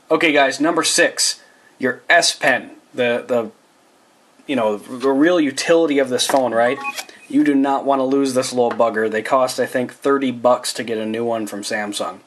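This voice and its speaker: A man's voice: medium pitch, fairly bright tone. A man giving a casual phone setup tutorial as a tech reviewer. He speaks loosely and chattily, with asides and restarts, and talks straight to his viewers.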